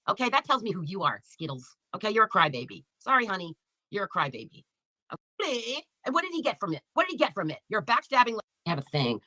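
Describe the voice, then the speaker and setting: Bright, lively woman ranting and taunting. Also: on the high side, no echo. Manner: profane, taunting, insulting viewers by name. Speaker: livestreamer. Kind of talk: angry livestream rant.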